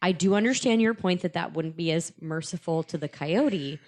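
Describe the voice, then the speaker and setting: A woman with a lowish voice trades jokes on a casual movie podcast. She pokes fun at herself in a relaxed, chatty way, slipping into mock confessions and quick asides. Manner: self-deprecating, jokey confessions. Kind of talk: casual comedic movie chat.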